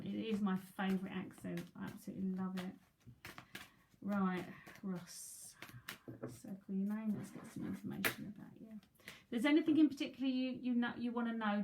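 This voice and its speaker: Reading tarot live from her home, this psychic from England is chatty, addresses viewers by name, and tends to say things twice. Her voice is medium-pitched, and the background is noisy.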